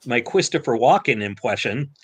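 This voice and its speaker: A man co-hosting a casual podcast chat, talking in halting bursts full of fillers and restarts. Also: mid-range voice, lively intonation, husky. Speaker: podcast co-host.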